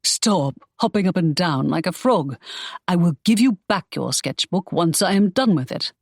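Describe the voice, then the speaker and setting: A woman's voice: fairly low pitch, animated, moderate pace, gravelly, breathy edge, no echo, studio quality, exaggerated voice. A woman reading an audiobook, voicing a brusque, scolding young man. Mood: stern. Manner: curt and scolding. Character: stern, brusque young man, a secretive pirate. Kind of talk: audiobook character voice.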